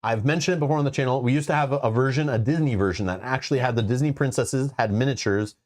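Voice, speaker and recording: A man's voice: mid-range voice, quick pace, a little mellow. A man hosting a casual livestream about board games, talking in a loose, rambling way and often restarting his sentences. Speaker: host of a board game channel.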